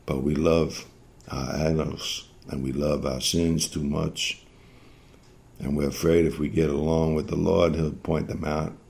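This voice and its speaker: A man's voice: rumbling low, little pitch movement, unhurried, creaky, a little mellow. A man preaching a sermon, earnest and exhorting, often repeating phrases for emphasis.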